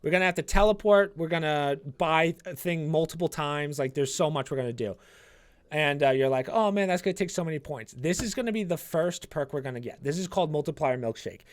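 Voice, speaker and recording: A man's voice: on the high side, expressive, a little fast. A man with a somewhat raised voice narrates a game walkthrough for his channel. He talks casually and chattily, walking viewers through each step with frequent fillers. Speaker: gaming channel host. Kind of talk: casual gameplay walkthrough commentary.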